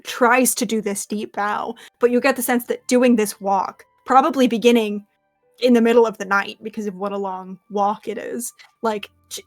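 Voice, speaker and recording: A young woman runs a tabletop game, describing scenes in a relaxed, rambling way with lots of "like" and "sort of". Her voice sits a little high, and soft music plays behind her. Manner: casual, filler-heavy, lots of "like". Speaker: game master.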